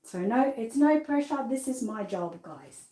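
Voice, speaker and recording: A woman's voice: a little high, lively intonation, measured pace, warm tone. A middle-aged Australian woman presenting dolls for sale in a bubbly, chatty way, often laughing at herself. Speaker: doll seller and presenter. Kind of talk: chatty live sales showcase. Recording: roomy echo.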